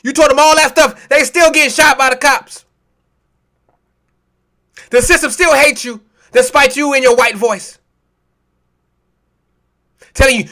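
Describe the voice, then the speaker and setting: A man's voice: extremely high pitch, steady tone, unhurried, pauses often, sharp tone. A male preacher delivering a sermon, mocking and impassioned, with many rhetorical questions. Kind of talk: sermon with scripture reading.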